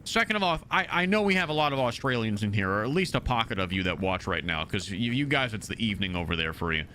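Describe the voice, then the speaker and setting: A young American game streamer with a lowish, animated, bright and forceful voice talks fast over slight background noise. He chats casually with viewers live, reading chat aloud and answering it in a brash, joking, profane way.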